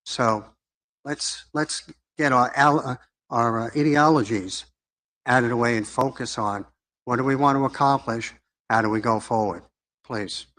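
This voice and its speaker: A man's voice: medium pitch, unhurried, a bit bright. Man, public commenter, mid-range voice, earnest and rambling with a preacherly lilt. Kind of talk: public comment at a council meeting. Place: council chamber.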